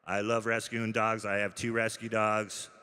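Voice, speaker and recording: A man doing a stand-up routine in deadpan storytelling mode, with sudden loud bursts. His voice sits fairly low and sounds bright and forceful. The live stage sound carries a long hall reverb. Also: normal speed, clean tone. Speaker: stand-up comedian. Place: comedy club stage.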